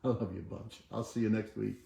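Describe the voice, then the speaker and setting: A man's voice: on the low side, steady tone, fast, creaky, dark tone. A man hosting a weekly wellness video, giving a motivational talk and coaching listeners through movements and repeated affirmations. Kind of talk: motivational talk with guided exercise. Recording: echoey room.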